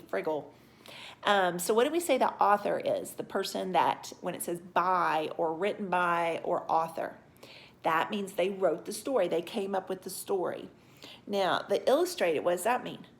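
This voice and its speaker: Middle-aged woman teacher doing a reading lesson for little kids, sounds out letters slow, gets squeaky excited. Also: creaky. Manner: animated with sudden high excited bursts. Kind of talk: online reading lesson for young children.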